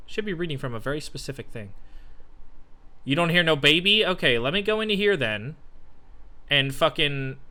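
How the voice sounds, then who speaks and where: A man live-streaming from home, muttering and swearing as he troubleshoots his mic and voice software. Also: a little high. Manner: muttering, swearing while fixing audio setup. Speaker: game streamer. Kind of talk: casual live-stream chat. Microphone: desk microphone with voice software.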